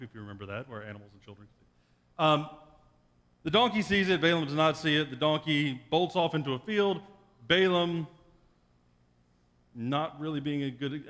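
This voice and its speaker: A male pastor preaches in a wry, joking storyteller's way, his voice pitched a little high for a man. A long reverb from the church sanctuary trails every phrase. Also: a bit bright. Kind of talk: sermon.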